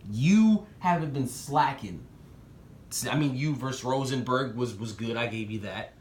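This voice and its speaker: Excitable young man with a lively voice. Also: normal speed, roomy sound. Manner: excitable, talks straight to the rappers, jumps in pitch. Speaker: battle rap commentator. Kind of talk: casual prediction vlog.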